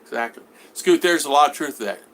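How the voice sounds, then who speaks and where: A man's voice: fairly high pitch, expressive, fast, a bit bright. A man hosting a casual livestream from home, reading viewer comments aloud and answering them in a rambling way, with many restarts. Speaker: vlogger reading live chat.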